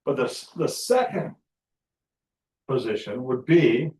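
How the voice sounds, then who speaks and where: A man teaching a Greek grammar class, talking in a halting way with many fillers and restarts. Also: mid-range voice, expressive, mellow, echoey room, low-quality recording. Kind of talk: classroom lecture.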